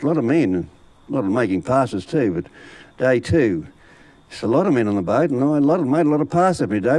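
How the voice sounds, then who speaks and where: A man's voice: medium pitch, warm tone, no room sound, poor audio. A man, a bush poet telling comic yarns and reciting funny poems in a folksy, chuckling way. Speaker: bush poet and yarn teller.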